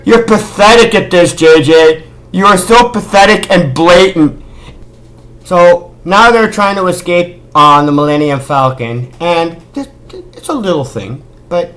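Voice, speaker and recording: A slow, deliberate vlogger tearing into a movie. The voice sits at a middling pitch and keeps circling back to sarcastic disbelief, firing off rhetorical questions. It sounds fed up and scolds the filmmaker directly. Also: a bit bright. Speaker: film critic vlogger. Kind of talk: casual ranting film critique.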